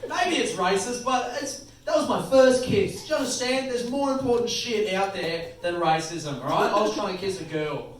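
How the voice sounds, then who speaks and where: A man in his late twenties with an Australian accent, doing a crude, animated stand-up comedy set. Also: sits high, moderate pace, few pauses, background noise. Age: late 20s. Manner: crude, loud punchlines, animated crowd-work. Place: comedy club stage. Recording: echoey venue, picked up from a distance. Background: audience laughter.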